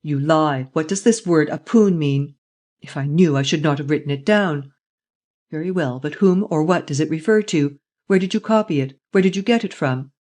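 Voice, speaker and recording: A man voicing a suave, mocking gentleman thief who is excitable and quick to laugh. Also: fairly high pitch, lightly acted. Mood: menacing.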